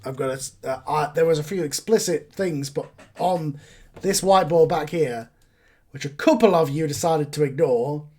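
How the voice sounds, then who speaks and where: A man runs a tabletop game and narrates with an upbeat, loose delivery. His voice sits a little higher than most men's, and he breaks off into quick asides. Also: warm tone, breathy edge. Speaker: game master.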